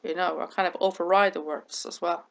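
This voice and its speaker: Woman with a stammer, gravelly voice. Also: on the low side, fairly even intonation, brisk, lo-fi sound. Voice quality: stammer, repeats words and restarts sentences. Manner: runs out of breath at the ends of sentences. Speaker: vlogger. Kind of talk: casual talk to camera.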